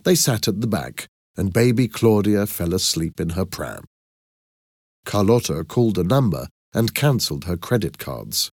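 A man reading an audiobook in a clear, expressive storytelling manner. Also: low-pitched, normal speed, no echo, clean studio sound. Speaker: narrator.

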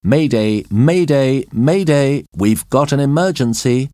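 A man's voice: medium pitch, huge pitch swings, takes it slowly, no room sound, clean studio sound, pitched above the performer's own voice. A man voicing an alarmed male co-pilot in an audiobook story, calling out urgently. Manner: urgent, shouting calls.

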